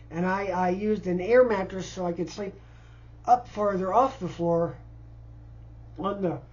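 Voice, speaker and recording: A man in his fifties from Indiana, a vlogger, makes an unscripted personal appeal for help inside a cluttered house, stammering and repeating words. His voice is high-pitched and a little mellow, with the highs cut off. He sounds distressed and overwhelmed.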